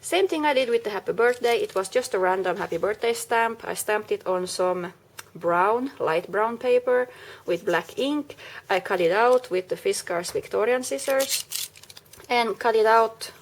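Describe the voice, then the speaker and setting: Woman w/ chatting thru a craft card, mid pitch, bit of hiss. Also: a little slow. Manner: chatty, explaining step by step with small self-corrections. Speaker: crafting video maker. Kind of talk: casual craft tutorial.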